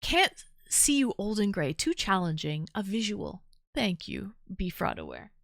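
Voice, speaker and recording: A woman's voice: mid-range voice, very animated, a little slow, gravelly, a bit bright, no room sound, studio quality. A tired woman hosting a livestream call-in show, chatting casually and playfully teasing her callers. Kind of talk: casual chat.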